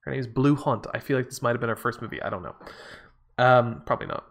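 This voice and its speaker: A man's voice: mid-range voice, fast talker, gravelly. A man in casual chat, recapping a movie with sarcastic, profane jokes and frequent laughs. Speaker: podcast co-host.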